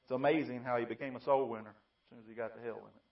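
A man's voice: mid-range voice, steady tone, very fast, creaky. Fiery preacher man, distant lo-fi sound. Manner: swings from quiet pleading to shouting. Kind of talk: fiery sermon. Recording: distant, dull lo-fi mic.

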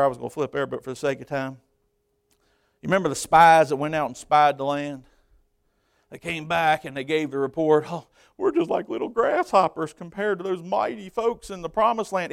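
Gravelly preacher man, high voice. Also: dry recording. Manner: preaching with surges of loud, high emphasis and quieter asides. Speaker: pastor. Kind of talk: sermon. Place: church pulpit.

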